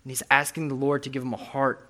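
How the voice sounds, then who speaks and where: A man's voice: medium pitch, monotone, fast, pushed and bright. A young man preaching a sermon, earnestly reading and explaining scripture. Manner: earnest, reads scripture aloud with emphasis.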